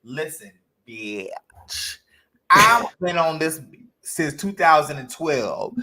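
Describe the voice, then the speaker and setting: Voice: mid-range voice, sing-song, slow pace, bright, forceful tone. A podcast co-host giving sassy, emphatic takes on a reality show, acting out comebacks in casual chat. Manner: sassy, emphatic, acts out what people should say.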